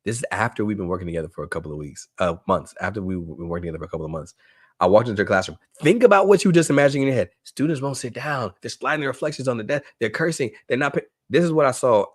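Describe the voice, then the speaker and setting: A man's voice: mid-range voice, lively intonation, rapid-fire, no echo, studio quality. A man leading a live online teacher workshop, upbeat and eager, often repeating himself and asking the audience rhetorical questions. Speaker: education workshop presenter.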